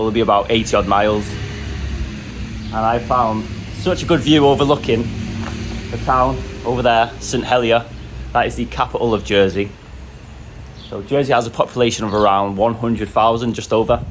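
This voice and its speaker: A man narrating a travel vlog and talking to camera while hiking outdoors, in a relaxed, chatty and enthusiastic way. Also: medium pitch, a little hiss or hum. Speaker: hiking vlogger. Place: outdoors on a coastal hike.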